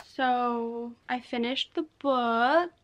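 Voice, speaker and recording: A young woman with a bright, high voice chats casually to her camera about her reading. She rambles a little and pokes fun at herself. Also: extremely slow, highs cut off. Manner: chatty, self-deprecating, rambling. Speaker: book vlogger. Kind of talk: casual vlog talk. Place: bedroom, in bed.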